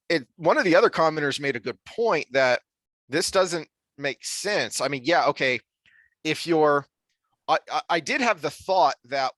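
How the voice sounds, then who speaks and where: A man co-hosting a podcast, talking through a TV series review in an animated, rambling way with frequent restarts. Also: fairly high pitch, no echo. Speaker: podcast co-host. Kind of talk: casual review discussion.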